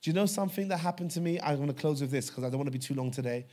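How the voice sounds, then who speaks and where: Fervent male preacher, slightly high voice. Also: rapid-fire. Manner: fervent storytelling, swings from hushed to loud. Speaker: pastor. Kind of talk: sermon.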